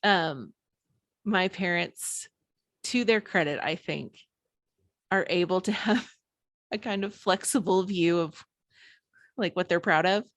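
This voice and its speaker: A woman's voice: lowish voice, takes it slowly, long pauses, a bit bright, dry recording, clean studio sound. A woman in her thirties, speaking as an author and podcast guest, who talks frankly and with self-deprecating humor, often laughing between phrases. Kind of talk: candid conversational interview.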